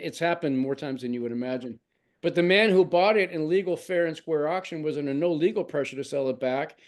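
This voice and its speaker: An American man in his sixties tells a long, winding story in a slightly raised voice. He talks conversationally, often restarting a phrase and adding quick asides. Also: fairly high pitch, darkish tone. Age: 60s. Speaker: novelist. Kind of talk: storytelling interview answer.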